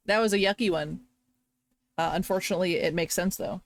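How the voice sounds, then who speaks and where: A woman's voice: on the low side, a little fast, dry recording. A woman streamer chatting casually, rambling and gushing over the little things she enjoyed. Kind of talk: casual chat on a live stream.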